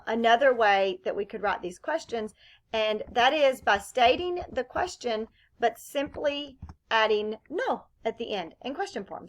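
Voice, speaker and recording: A woman teaching a recorded Spanish lesson, explaining question types and modeling example phrases with a rising question inflection. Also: on the high side. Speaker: Spanish instructor. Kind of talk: recorded lecture.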